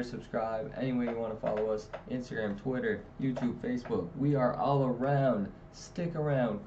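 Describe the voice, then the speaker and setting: A man telling a true comedy story in a rambling, profane way, acting out quotes with sudden loud jumps in pitch. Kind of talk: casual storytelling monologue. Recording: distant mic, dull lo-fi sound, faint hiss.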